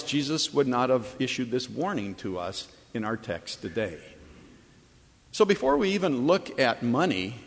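A man's voice: medium pitch, fairly bright tone, long reverb tail. A man preaching a sermon as a pastor, telling a story and then building to emphatic, repeated phrases. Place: chapel.

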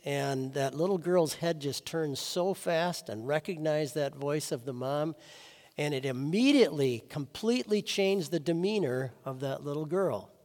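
A man's voice: fairly high pitch, darkish tone, in a large hall. A man preaching a chapel sermon as chaplain, earnest and storytelling, rising for emphasis.

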